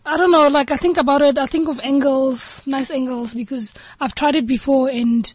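Woman, talk show guest, high voice, dry sound, relaxed, thoughtful. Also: normal speed, no echo. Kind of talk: casual chat.

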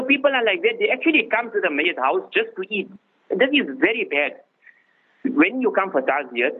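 A man's voice: high voice, husky. A man giving an informal religious talk as a mufti, repeating words and restarting phrases for emphasis. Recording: lo-fi radio broadcast, phone-like band.

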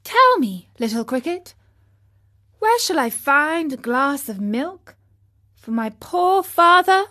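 A woman reading aloud and voicing an emotional wooden boy puppet, high and tearful. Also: takes it slowly, heavily acted. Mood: eager. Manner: sobbing, pleading, high and excited.

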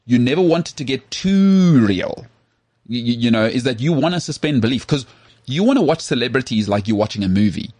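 A man from South Africa co-hosting a podcast in casual chat, animated and full of restarts. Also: mid-range voice, brisk, no room sound. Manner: animated, full of restarts and "you know what I mean". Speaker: podcast co-host.

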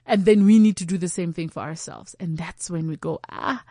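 Animated woman comedian, dry close sound. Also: lowish voice, fairly quick, no echo. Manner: animated, acts out quoted voices and imagined dialogue. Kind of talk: candid conversational chat.

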